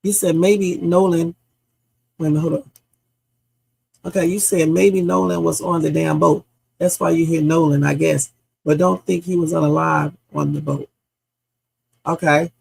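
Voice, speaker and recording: Gravelly woman grilling her live chat. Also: low voice, normal speed, long pauses, darkish tone. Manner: heated, questioning, profane, talks back to chat. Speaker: livestream host. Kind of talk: live reaction stream commentary.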